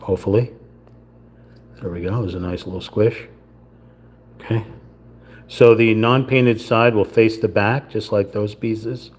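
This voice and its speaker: A man's voice: on the low side, fairly even intonation, a little slow, long pauses, a little mellow, breathy edge. A man giving a casual running commentary while he builds a wooden model kit on a live stream, muttering the steps to himself as he works. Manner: mutters step by step to himself while handling small parts.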